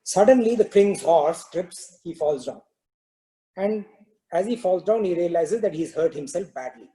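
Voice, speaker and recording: A man's voice: sits high, lively intonation, a little slow, mellow, rough recording. A man giving a spiritual teaching, explaining terms and telling a parable in a loose, filler-filled storytelling way. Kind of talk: scripture talk with a parable.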